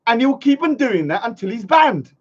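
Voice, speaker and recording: A man's voice: very high-pitched, big pitch swings, brisk. A man, vlogging casually to a live chat, rambling and mocking his critics. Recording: dull lo-fi sound.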